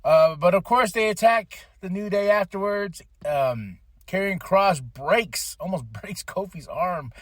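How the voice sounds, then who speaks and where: A man's voice: high voice, lively intonation, a little slow, hardly any pauses, a bit bright, dry recording, clean studio sound. Chatty man recapping wrestling. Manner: chatty, opinionated, acts out quotes. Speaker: podcast host.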